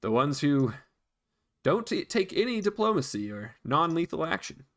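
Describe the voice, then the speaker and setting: A stiff, earnest male monk speaks in formal, careful sentences, as a game master puts him on. His pitch sits a little above the man's usual voice. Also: very animated, normal speed, fairly bright tone.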